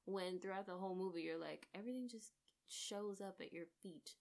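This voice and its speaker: A woman co-hosting a casual podcast chat, gushing enthusiastically and quick to laugh. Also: medium pitch, vocal fry, a little mellow. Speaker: podcast co-host. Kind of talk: casual chat reviewing a film.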